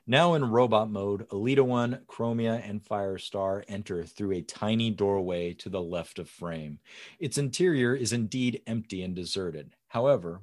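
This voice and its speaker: A man reading comic script panel descriptions aloud in a lively way. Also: on the low side. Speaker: script reader.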